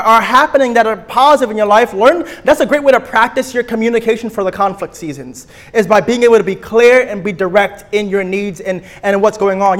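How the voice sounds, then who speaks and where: A young man, a therapist teaching a church group in a lively, playful way, acting out little scenes and repeating his key points. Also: high-pitched.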